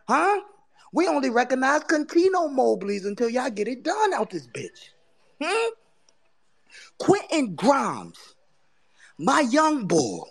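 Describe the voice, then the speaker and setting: A woman hosting a sports podcast, ranting in casual talk with profane, taunting trash talk that swings between loud jabs and low mutters. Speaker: podcast host.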